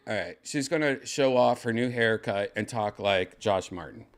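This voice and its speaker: A man's voice: lowish voice, moderate pace, slight background noise. An older man hosting a casual show from his home, rambling and joking crudely. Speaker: host. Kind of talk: casual chat. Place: second-floor home room.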